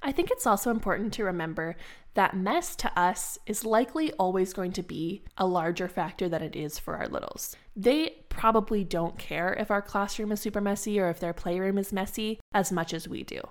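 A young adult woman, an early childhood educator, giving a calm, encouraging teaching talk to other educators in a conversational way. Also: medium pitch, normal speed.

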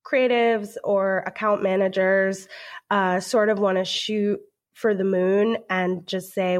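A woman's voice: mid-range voice, fairly even intonation, slow pace. Upbeat woman podcast guest. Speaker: project manager guest. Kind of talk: casual podcast interview.

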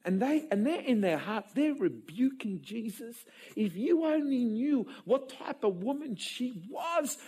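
Animated, husky-voiced man preaching. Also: sits high. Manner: emotional, animated storytelling with repeated stammered restarts. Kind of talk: sermon.

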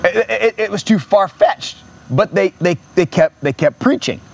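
A man pastor preaching an impassioned sermon in a church, repeating phrases and rising to near-shouts. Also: high voice, lively intonation, unhurried, gravelly, breathy edge.

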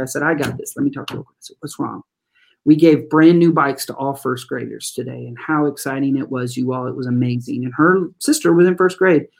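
A school staff member who works with children, telling stories in an interview in an animated, folksy way and addressing listeners as "y'all". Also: medium pitch. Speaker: school trauma-informed support staff. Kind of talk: storytelling in an interview.

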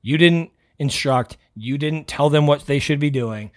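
A man hosting a motivational podcast, talking bluntly and loudly with some swearing, a self-described yeller. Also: fairly high pitch, a little slow. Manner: blunt, profane and fired up. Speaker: podcast host.

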